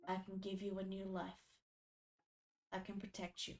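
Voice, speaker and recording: A woman voicing a hushed otherworldly pact voice. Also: medium pitch, completely flat delivery, normal speed, natural voice. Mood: hushed, tempting. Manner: hushed, soft and tempting. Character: disembodied otherworldly voice offering a pact.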